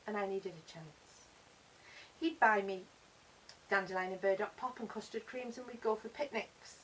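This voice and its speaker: A woman performing a spoken word story, expressive, moving between hushed and loud passages. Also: mid-range voice. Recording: distant mic with faint hiss.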